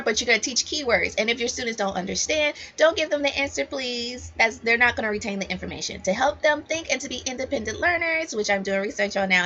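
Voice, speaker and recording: Bright-voiced woman ESL teacher. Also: fairly high pitch. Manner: emphatic, repeats key points directly to the viewer. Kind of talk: casual instructional talk to new teachers. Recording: dull lo-fi audio.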